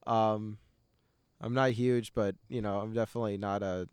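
A young American man chatting casually, telling lively stories and acting out what others said. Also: on the low side, moderate pace, clean tone, no room sound, clean studio sound. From United States. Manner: animated storytelling, acting out quoted voices. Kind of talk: casual conversation.

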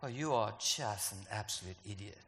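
A preacher voicing a contemptuous inner voice of darkness that belittles the listener in a low, mocking tone. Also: male voice, normal speed, fairly bright tone, slight background noise, lightly acted. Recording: echoey hall.

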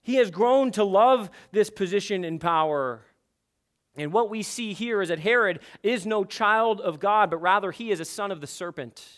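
A man preaching an expository sermon, emphatic and building to forceful peaks. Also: high voice, moderate pace. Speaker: pastor.

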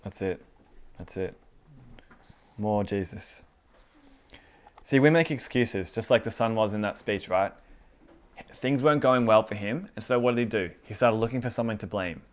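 A man in a casual faith talk, retelling a movie scene and acting out its dialogue, rising to loud emphatic bursts. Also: fairly low pitch, moderate pace, pauses often.

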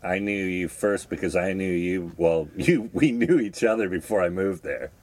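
Low-voiced laid-back middle-aged guest. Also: male voice, moderate pace, darkish tone, no echo. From Northern California, USA. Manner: laid-back, self-deprecating storyteller. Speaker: guest comedian. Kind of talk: casual chat.

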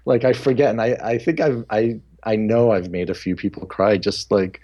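A man's voice: on the low side, steady tone, normal speed, dark tone, dull audio. A man hosting a casual podcast chat, talking candidly and reflectively with many fillers, his voice sometimes sounding harsh. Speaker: podcast host. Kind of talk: casual conversation.

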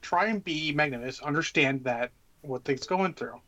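On a muffled recording, a male podcast co-host speaks at a moderate pace with a fairly high, fairly bright voice. His casual chat is laid-back and full of swearing and easygoing advice.

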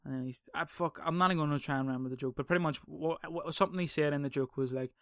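A man's voice: on the high side, very fast, a bit bright, no room sound, clean studio sound. A man hosting a podcast, talking off the cuff in a profane, heated rant that keeps drifting into tangents. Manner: profane, ranting, goes off on tangents; heated and emphatic. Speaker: podcast host. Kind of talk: casual monologue on arguing.

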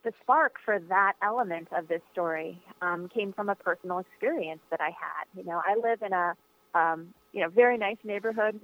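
A woman's voice: on the low side, dry recording. A woman author answering interview questions, telling a personal story in an earnest, reflective way with frequent fillers and restarts. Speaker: author, guest. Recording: tinny phone line, dry.

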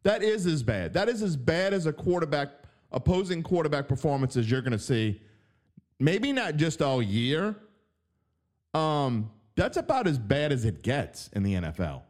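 Wry New Orleans sports podcast host. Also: male voice, a little high, very animated, normal speed, a little mellow. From Southeast Louisiana. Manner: wry, joking, self-correcting.

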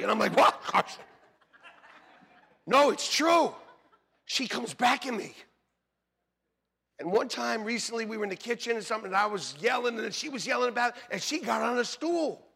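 Male pastor, high and lively, gravelly, husky edge; loud joking sermon delivery, church hall reverb. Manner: loud, animated, jokey storytelling, calls for amens. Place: church sanctuary.

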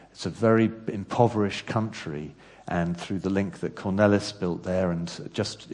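Emphatic low-voiced pastor preaching. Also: male voice. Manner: builds to loud emphatic lists, repeats words. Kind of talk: sermon. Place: church hall.

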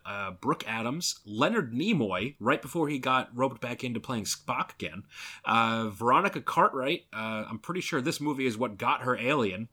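A man's voice: medium pitch, sharp tone, breathy edge. A man co-hosting a movie podcast, chatting casually and gushing enthusiastically about films. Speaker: podcast co-host.

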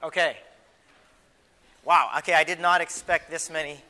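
A man's voice: fairly high pitch, steady tone, moderate pace, pushed and bright. A pastor giving a casual children's lesson in a church service, often restarting and repeating his words as he talks to the kids. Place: church sanctuary.

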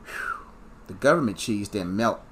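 Man telling animated stories in casual chat. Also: fairly low pitch, normal speed, slight background noise. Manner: animated storytelling, acts out his mom and kid self.

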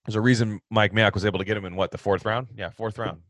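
Answering fan questions at a fast clip, a sports talk host rants animatedly, jumping from loud outbursts down to low mutters. The audio is studio quality with no room sound.

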